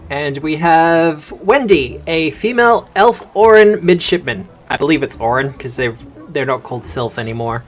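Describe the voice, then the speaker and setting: An easygoing man running a tabletop game as game master. His voice sits a touch higher than most men's as he lays out the rules step by step, with relaxed fillers along the way. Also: normal speed, few pauses.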